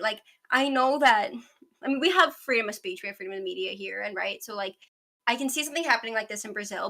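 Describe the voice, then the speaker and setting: Young woman host, quick rambling news chat, bright tone. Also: mid-range voice, lively intonation. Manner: fast, rambling, self-aware talker. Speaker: podcast host.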